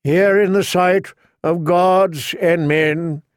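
A man voicing a solemn male priest slowly proclaiming a marriage in an audiobook reading. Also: high-pitched, fairly even intonation, clean tone, dry recording, clean studio sound, pitched above the performer's own voice. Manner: slow, ceremonial, proclaiming.

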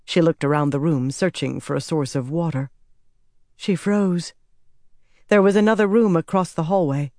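In a studio-quality, dry recording, a woman with a low-pitched voice narrates an audiobook. Her reading of the script is measured and expressive.

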